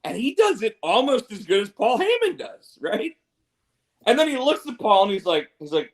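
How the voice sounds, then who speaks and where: A man co-hosting a casual wrestling chat, animated and swearing often while acting out quotes. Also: sits high, moderate pace. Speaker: podcast co-host.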